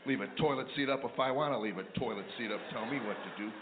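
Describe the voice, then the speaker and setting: A man's voice: mid-range voice, fast talker, voice pushed down, lightly acted. A man voicing a worn-down old husband who mumbles bitterly to himself, heard over a tinny, noisy line. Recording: tinny phone-like line with noise.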